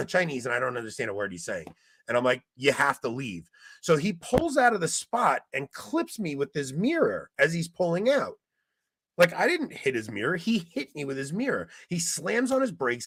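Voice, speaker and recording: A man in casual podcast chat, telling stories in an animated way and getting loud when he retells a fight. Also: on the high side, moderate pace, breathy edge, no echo. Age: 20s. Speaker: podcast co-host.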